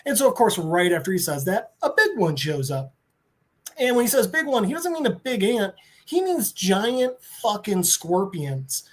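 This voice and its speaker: A man on a podcast, recapping a comic book story with excitement and swearing, briefly voicing the characters. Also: high voice, a little slow. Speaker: podcast co-host.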